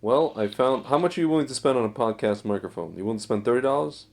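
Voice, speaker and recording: Laid-back podcast co-host with lively pitch. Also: male voice, fast, creaky. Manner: laid-back, lots of backchannel "mm-hmm". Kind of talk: casual chat. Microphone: online call with cheap mic.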